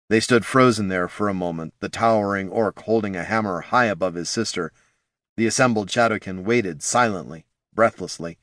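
A man narrating a fantasy audiobook in a measured, dramatic manner. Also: fairly low pitch, fairly bright tone, no room sound, clean studio sound.

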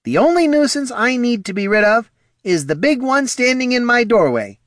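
A man voicing a prim, curt mustached gentleman with a clipped, sharp-tongued way of talking. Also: very high-pitched, sing-song, normal speed, no room sound, clean studio sound, pitched above the performer's own voice, full character voice. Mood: snappish.

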